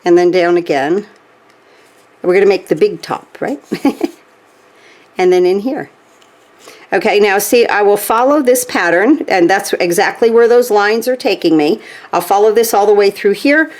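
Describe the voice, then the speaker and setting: A woman's voice: mid-range voice, moderate pace, pauses often, darkish tone. A woman demonstrating a stitching craft step by step, chatty, checking in with "okay?" as she works. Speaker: craft tutorial host.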